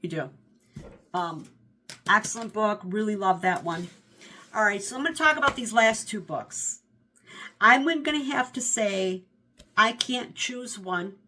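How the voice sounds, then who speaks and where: A woman in her fifties chatting casually about her favorite books, rambling and animated, correcting herself as she goes. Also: medium pitch, measured pace, long pauses, a little hiss or hum. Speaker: book vlogger. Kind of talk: casual book review chat.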